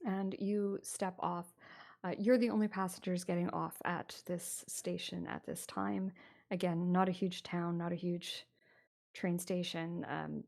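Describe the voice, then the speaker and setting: A woman's voice: lowish voice, gravelly, a little mellow. A woman running a tabletop horror game as game master, narrating steadily with many fillers.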